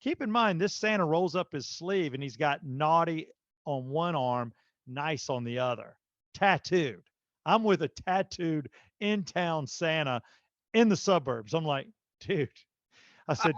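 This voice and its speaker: A man hosting a podcast, telling a long story in a casual, animated way with lots of fillers. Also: fairly high pitch, measured pace, no room sound, muffled recording. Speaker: podcast host.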